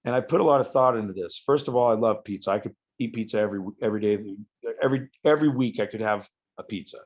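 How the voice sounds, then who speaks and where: A man, a wrestler being interviewed, telling rambling stories with halting restarts. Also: on the low side. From United States. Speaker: guest, professional wrestler. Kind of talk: casual podcast interview. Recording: slightly dull lo-fi audio.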